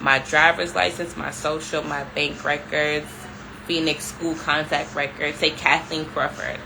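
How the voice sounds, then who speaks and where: A young adult woman telling a story to her viewers in a casual, animated way, filling her talk with "like" and calling them y'all. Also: deep voice, measured pace, gravelly, background noise. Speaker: vlogger.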